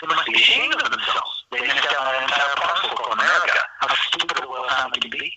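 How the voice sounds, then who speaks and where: A man's voice: medium pitch, very fast, distant mic, lo-fi sound, very noisy. A man calling in to a radio talk show, chatting casually and rambling from one tangent to the next. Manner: rambling, jumping between tangents. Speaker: call-in guest.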